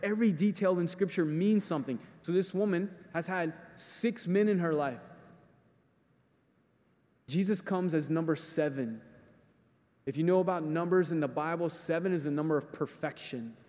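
A man preaching a sermon in a lively, animated way, acting out the voices of the people he quotes. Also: a little high, moderate pace, in a large hall.

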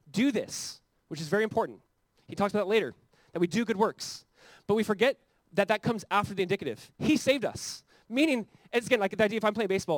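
Fast-talking, fervent preacher man. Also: sits high, dry recording. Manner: conversational preaching, rising to fervent emphasis. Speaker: pastor. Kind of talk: sermon.

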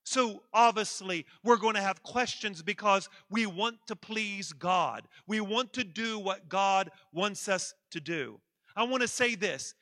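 A man's voice: sits high, animated, moderate pace, bright, forceful tone, dry recording, studio quality. A man preaching a sermon, with emphatic delivery that repeats key phrases and leads the congregation in call-and-response. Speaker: pastor.

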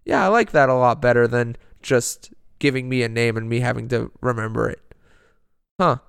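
A man's voice: mid-range voice, normal speed, gravelly, smooth, no echo, studio quality. A man co-hosting a podcast in casual chat, enthusiastic and rambling, swearing freely. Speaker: podcast co-host.

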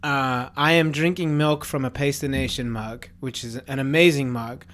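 A man's voice: mid-range voice, steady tone, fairly bright tone. A man hosting a podcast, who chats casually, jokes at his own expense, and laughs easily. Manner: teasing, jokingly self-pitying, quick to laugh. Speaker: podcast host. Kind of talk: casual chat.

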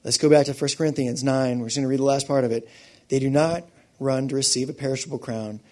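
A man preaching a sermon to a church congregation, swinging from hushed, quiet stretches to loud, fervent peaks. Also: mid-range voice, steady tone, quick pace. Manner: impassioned, building from hushed to loud. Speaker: pastor.

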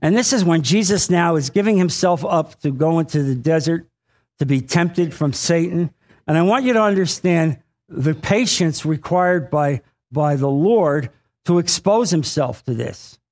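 A male pastor with a noticeably high voice for a man delivers a sermon. He talks earnestly and directly to his congregation, often repeating a phrase for weight and pausing on small fillers. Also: lively intonation, darkish tone. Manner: addresses the congregation directly, asks for an amen.

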